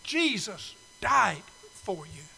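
A male preacher giving a sermon invitation in a church, pleading and swinging from loud urging to soft, hushed appeals. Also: sits high, big pitch swings, slow pace, vocal fry, breathy edge, long reverb tail, low-quality recording. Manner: pleading, swells loud then drops soft. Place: church sanctuary.

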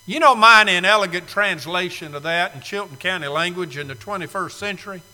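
A man's voice: high voice, a little fast, sharp tone, in a large hall. A man preaching a sermon to a live congregation, emphatic and fond of repeating key phrases. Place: church sanctuary, live congregation.

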